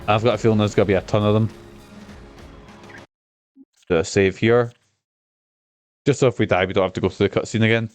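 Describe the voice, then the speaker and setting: A man's voice: on the low side, fairly even intonation, brisk, long pauses, faint music behind. A man chatting casually while streaming a game, enthusiastic and swearing freely. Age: adult. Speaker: gaming streamer. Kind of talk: casual gameplay commentary.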